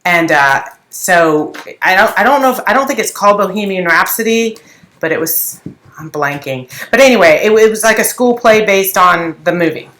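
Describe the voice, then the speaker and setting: A woman's voice: mid-range voice, animated, normal speed, fairly bright tone. A middle-aged woman rambling through a story in casual chat while she paints furniture, with lots of restarts. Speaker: furniture painting tutor and shop owner. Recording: echoey room with faint noise.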